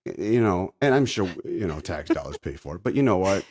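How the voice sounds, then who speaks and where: Husky, low-voiced ranting man. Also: big pitch swings, a little fast, a little mellow, dry recording, studio quality. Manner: profane, ranting, sarcastic. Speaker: podcast host. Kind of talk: casual chat.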